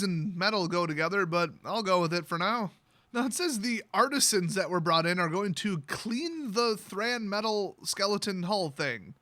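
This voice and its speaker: A man's voice: high-pitched, sharp tone, dry recording. A man hosting a video, retelling a fantasy novel with sarcastic, mocking asides. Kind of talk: sarcastic comedic story retelling.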